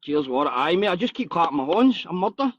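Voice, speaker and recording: A Scottish man hosting a live podcast in casual chat, excitable and a little nervous, swearing freely. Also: on the high side, fairly quick, husky, no room sound, muffled recording. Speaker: podcast host.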